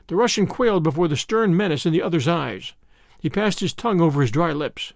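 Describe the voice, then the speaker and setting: A man narrating a novel in measured storytelling. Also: fairly high pitch, animated, vocal fry, no echo, studio quality. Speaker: audiobook narrator. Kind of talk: scripted narration.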